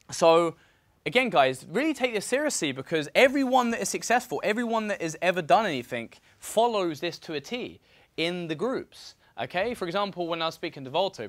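A man mentoring a group at a seminar, talking in an animated way with lots of "right?" and "you know". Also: fairly high pitch. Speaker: real estate mentor.

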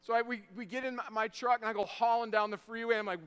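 A man in his thirties preaching an energetic sermon, telling stories, shouting the punchlines and dropping soft for the tender moments. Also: very high voice, quick pace, smooth. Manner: animated, shouts punchlines, drops to soft tones for emotional moments.

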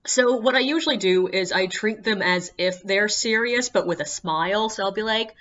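Woman, tour guide, casual storyteller, sharp bright tone, slightly muffled recording, exasperated and swears. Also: moderate pace. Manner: animated, acts out guests in high squeaky voices.

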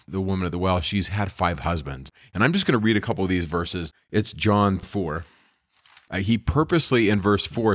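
A man with a very low, deep voice, retelling scripture stories in an earnest, enthusiastic way. He co-hosts a casual discussion and acts out the dialogue as he goes. The sound is dry and close, with no room echo. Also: a bit bright. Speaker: podcast co-host.

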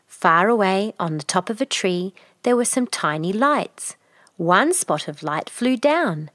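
A woman reading a children's picture book aloud in a gentle, expressive storytelling way. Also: mid-range voice, unhurried, dry recording, clean studio sound.

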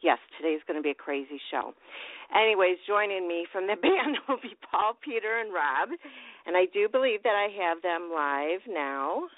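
A woman's voice: on the low side, expressive, normal speed, no echo. Bubbly woman radio host, tinny sound. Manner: bubbly, laughs often. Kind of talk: casual radio interview.

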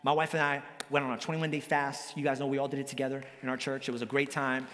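A male pastor preaching a sermon in a lively, joking way, with big swings in pitch. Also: fast talker. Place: church hall. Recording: long church hall reverb.

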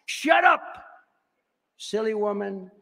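A sly, vicious male snake begs to be taken in, as a man recites a poem. The voice sits fairly high and carries long reverb from a large venue. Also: animated, takes it slowly, gravelly, bright, forceful tone, shouting, exaggerated voice. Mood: sneering. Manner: pleading, then sneering.

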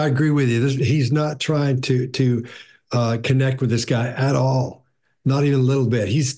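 A man's voice: mid-range voice, dark tone. A man on a behavior analysis panel who gets worked up and acts out quoted questions while commenting.

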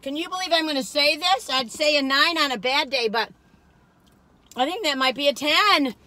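Casual food vlogger, middle-aged woman, exclamatory rambling delivery, bright tone. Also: high voice, normal speed, no room sound. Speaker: food reviewer. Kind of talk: casual chat while taste-testing.

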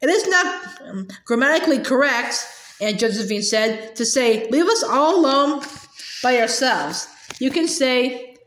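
A woman's voice: high voice, animated, unhurried, a bit bright, slight background noise. A woman voicing a fussy, fearful older aunt who whines and scolds about grammar, read aloud from a storybook. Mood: prim. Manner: whiny, prim, scolding. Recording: roomy echo.

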